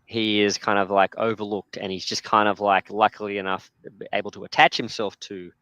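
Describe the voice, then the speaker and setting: A man's voice: on the low side, level tone, brisk, bright, forceful tone, no room sound, dull audio. A man hosting a casual chat, rambling with many fillers and restarts. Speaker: podcast host.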